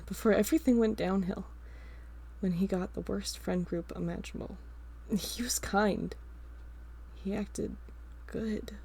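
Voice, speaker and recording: A woman narrating an audiobook in a steady storytelling read. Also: medium pitch, creaky.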